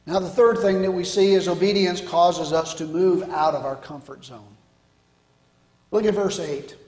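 A man preaching a sermon as pastor, swinging from loud declarations to hushed line endings. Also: high voice, moderate pace. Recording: echoey hall.

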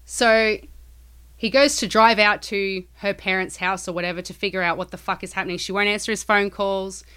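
A woman's voice: mid-range voice, steady tone, moderate pace, fairly bright tone, smooth. A woman co-hosting a podcast, casually retelling a strange story with lots of swearing and acted-out quotes. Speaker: podcast co-host.

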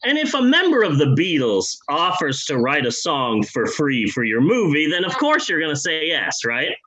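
A man with a slightly high voice spins a comic anecdote, casual and loose. He swears freely, trips into restarts and tosses in jokey asides as he goes. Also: wildly swooping pitch, moderate pace, crowd noise, low-quality recording. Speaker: podcast host and storyteller. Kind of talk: casual comedic storytelling.

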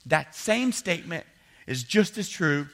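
Holding a handheld mic in a church building, a pastor preaches a conversational sermon and voices his listeners' doubts in quotes. He sounds animated and unhurried, with a high-leaning, bright, forceful voice.

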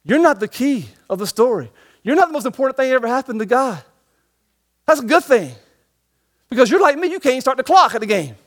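A man preaching a sermon as pastor, moving between emphatic and hushed moments and slowing down to read scripture. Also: extremely high pitch, very animated. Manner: dynamic preaching, swings from emphatic to hushed, slow scripture reading.

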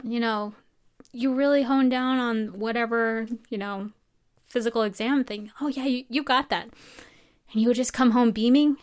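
A woman's voice: fairly high pitch, moderate pace. A woman in her twenties, a medical student, chatting casually and telling stories that act out the voices of the people in them. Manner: animated storyteller acting out quoted dialogue. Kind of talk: casual chat.

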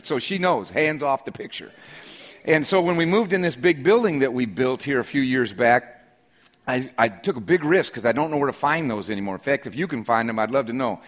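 A middle-aged man preaching a sermon to his congregation, shifting from a relaxed, joking story to emphatic, repeated declarations. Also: mid-range voice, a little fast. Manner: conversational storytelling with humor, rising to emphatic declarations. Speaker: pastor. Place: church sanctuary during a service.

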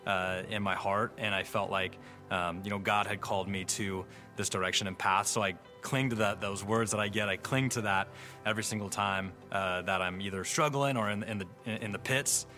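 A man giving a personal church testimony in a halting way, with frequent restarts. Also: on the low side, fairly even intonation, pushed and bright. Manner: halting, many fillers and restarts. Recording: music playing underneath. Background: faint music.

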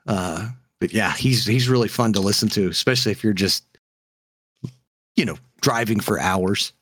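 A man co-hosting a casual podcast chat, animated and laughing often between jokes. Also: fairly low pitch, normal speed, husky, no echo. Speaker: podcast co-host.

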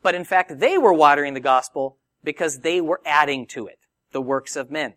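A man's voice: fairly high pitch, moderate pace, no room sound. A man preaching a sermon, teaching in a conversational way and acting out the voices of the people he quotes. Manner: animated, conversational Bible teaching with acted quotes.

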